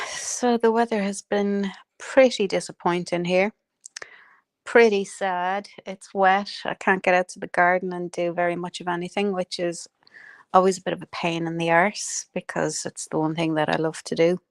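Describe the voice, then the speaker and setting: A woman's voice: on the low side, steady tone, unhurried, no echo. A woman hosting a casual livestream, chatty and sweary, laughing and greeting viewers by name. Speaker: livestream host. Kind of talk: casual chat.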